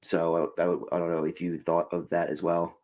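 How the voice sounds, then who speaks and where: A man's voice: sits low, monotone, normal speed, darkish tone. A man co-hosting a casual show review, upbeat and rambling, laughing often. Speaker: podcast co-host.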